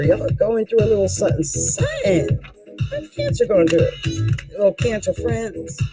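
Tarot reader doing a casual card reading, voice all over the place pitch-wise, hypes up the listener, folksy coach vibe, soft music behind. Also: rough recording. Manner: animated and exclamatory, talks straight to the listener.

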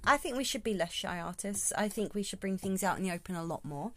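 A woman's voice: medium pitch, animated, quick pace, fairly bright tone. A woman hosting her podcast in a casual, rambling solo talk, thinking aloud as she goes. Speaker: podcast host.

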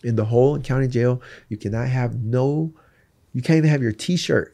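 Guest man, earnest testimony; raspy fry and a dark, mellow tone. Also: medium pitch. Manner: earnest, candid storytelling. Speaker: guest sharing his testimony. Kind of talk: personal faith testimony in conversation.

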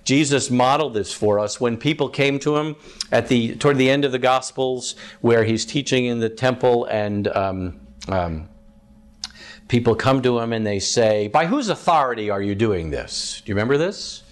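A man of ordinary pitch gives a conversational teaching talk as a campus minister. He stops to quiz his listeners and says "um" often. Now and then he leaps up in pitch to act out a quote. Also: moderate pace, clean tone. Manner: chatty, asks the audience questions, frequent ums.

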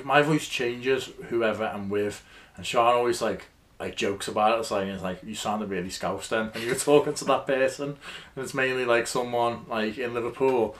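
A chatty podcast host, a man at a middle pitch, rambles through casual talk full of fillers. His voice is plain and even. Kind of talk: casual chat.

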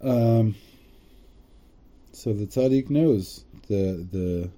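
A man with a very dark, mellow voice reads a text aloud and talks it through. He goes slowly and halts often, restarting phrases as he translates bit by bit, in a loose, casual study tone. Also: fairly low pitch. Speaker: teacher reading and translating a Hebrew text.

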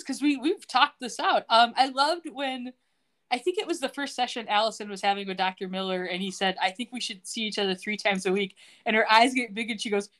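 A woman's voice: fairly high pitch, fairly bright tone. Laughing woman recapping a show. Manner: laughs often, retells scenes in quoted voices. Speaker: podcast co-host. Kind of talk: casual recap chat.

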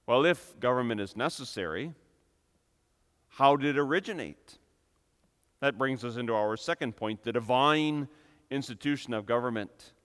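Emphatic preacher in a reverberant hall. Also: male voice, medium pitch, normal speed, pauses often, smooth. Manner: emphatic, rising to loud impassioned peaks. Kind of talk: sermon.

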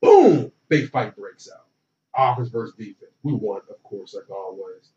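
This former college football player has a lowish voice and a measured pace as he tells his story in casual slang. He's animated and acts out people's lines, heard through a distant, roomy, dull recording.

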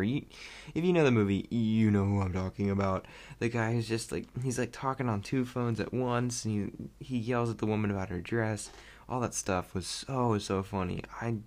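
A young man chatting casually about a movie he loved, rambling and excitable and laughing often. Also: lowish voice. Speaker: vlogger reviewing a movie. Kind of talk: casual chat.

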